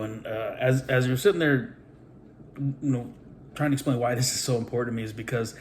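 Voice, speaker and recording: A man's voice: lowish voice, a little hiss or hum. A middle-aged man, a pro wrestler and trainer, telling a story in a rambling, casual way, full of swearing and fillers. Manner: rambling, profane, with many fillers.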